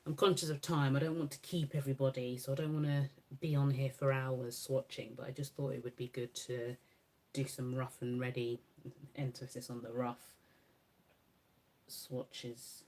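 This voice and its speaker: A woman's voice: a bass voice, level tone, moderate pace, a little mellow. A woman beauty creator chatting casually through a makeup swatch demo, musing aloud and correcting herself as she goes.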